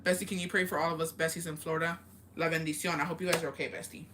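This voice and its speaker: A woman's voice: deep voice, flat delivery, rapid-fire, noisy background. A woman hosting a casual live stream, talking bluntly and profanely while reading and answering viewer comments. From Mexican heritage. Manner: blunt, profane, chatty, reads comments aloud.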